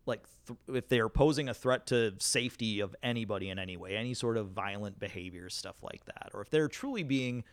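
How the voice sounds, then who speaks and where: A man's voice: lowish voice, brisk, hardly any pauses, no room sound. A man in a casual podcast chat, folksy and jokey, sharing his views on managing retail. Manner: folksy, jokey asides, laughs while talking. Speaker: podcast co-host.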